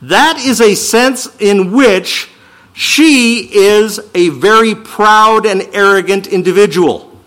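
A man preaching a sermon, reading scripture slowly and with emphasis, then explaining it in quicker asides. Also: sits high, fairly bright tone. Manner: emphatic, swings from slow declaiming to quick asides. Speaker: pastor.

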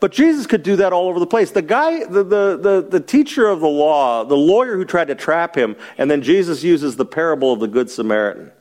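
A man's voice: a little high, brisk, few pauses. Middle-aged preacher guy, chatty bible study, voice swings up and down a lot, cracks jokes. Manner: lively, joking, asks the group questions. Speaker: pastor teaching a Bible study. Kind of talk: conversational Bible teaching with congregation interaction.

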